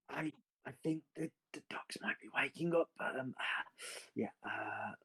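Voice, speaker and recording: A man's voice: mid-range voice, slightly rough. A man playing a tabletop game, speaking hesitantly with many ums while he works out his character. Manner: slow, hesitant, full of ums. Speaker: player.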